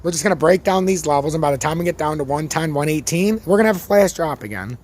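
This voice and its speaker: A man's voice: fairly high pitch, quick pace, slight background noise. A man hosting his own crypto chart channel, ranting with plenty of swearing and sports comparisons, his voice worn out. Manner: ranting, swears freely, animated sports analogies. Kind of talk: casual profane market commentary.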